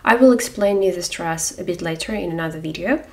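A woman with a Ukrainian accent teaching a beginner language lesson, repeating words slowly and clearly for learners. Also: lowish voice, far from the mic.

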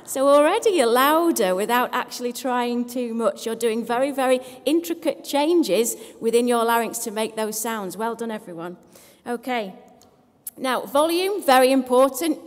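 A woman speech therapist talks a seated audience through posture, breath and sound exercises. She is brisk and encouraging, with a touch of self-deprecating humour. Her fairly high voice rings out in a hall with a long reverb. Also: animated. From England. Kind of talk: live workshop talk leading an audience in voice exercises.

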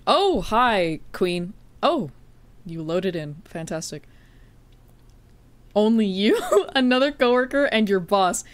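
A woman's voice: medium pitch, expressive, slow, long pauses. Chatty, laughing woman streamer. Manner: chatty, greets viewers by name, laughs often; playful teasing. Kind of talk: casual live-stream chat while gaming.

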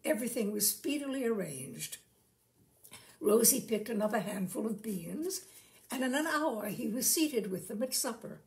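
A woman reading a short story aloud in a measured, expressive way. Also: fairly high pitch, gravelly. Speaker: story reader.

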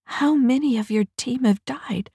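A woman's voice: a little high, a little slow, gravelly, mellow, husky, no room sound, studio quality, voice pushed up, exaggerated voice. A woman voicing a nervous young female recruit in a mech body, asking hesitant, timid questions in an audiobook.

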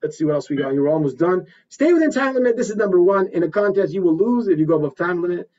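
An energetic man with a fairly high voice coaches a workshop on presentation skills. He repeats himself and keeps checking in with the group. The sound is a bit distant and dull. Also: quick pace, slight background noise. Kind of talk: workshop teaching. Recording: distant, slightly dull recording.

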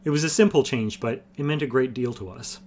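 A man's voice: medium pitch, a little fast, a little mellow, pitched above the performer's own voice, lightly acted. A man voicing an ancient, wry old male sorcerer who explains things blandly and patiently. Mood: wry explaining.

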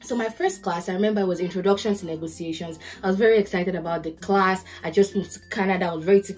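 Warm-voiced woman giving direct advice. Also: mid-range voice, fast talker, faint music behind. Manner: direct, list-driven advice with personal anecdotes. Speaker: podcast host. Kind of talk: advice talk to camera. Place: lives in Ontario, Canada.

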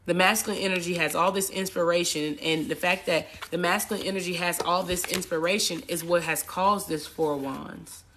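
A woman with a slightly low voice gives a casual tarot reading monologue. She talks bluntly and swears freely. She rambles through asides and turns emphatic when making a point. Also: steady tone, normal speed, hardly any pauses, fairly bright tone, a little hiss or hum. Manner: blunt and profane, grows emphatic. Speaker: tarot reader.

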